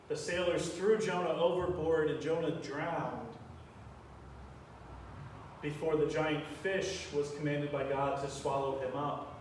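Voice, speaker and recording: Echoey preacher man retelling a Bible story. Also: fairly high pitch. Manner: storytelling, acts out quoted prayers. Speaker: pastor. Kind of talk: sermon. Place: church sanctuary. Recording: echoey church from a distance, faint hiss.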